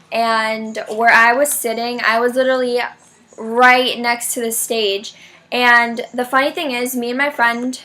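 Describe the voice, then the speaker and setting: A woman's voice: on the high side, fairly bright tone, slight background noise. A teenage girl vlogging about a concert in a gushing, chatty way, full of "like" fillers. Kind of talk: excited concert haul storytelling.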